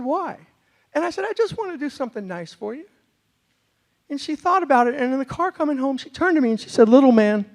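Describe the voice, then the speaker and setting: A man with a fairly high voice tells funny personal stories to an audience. He is animated and slips into the voices of the people he describes, keeping the tale moving like a practiced speaker. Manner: animated, acts out quoted voices. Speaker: storyteller and motivational speaker. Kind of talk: humorous storytelling talk on stage.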